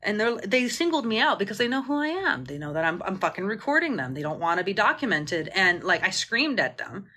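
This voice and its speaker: A woman mutual aid organizer rants on a phone livestream Q&A, speaking passionately and indignantly, swearing freely and rambling with restarts. Her medium-pitched voice is very animated, pushed and bright, and she talks fast with few pauses.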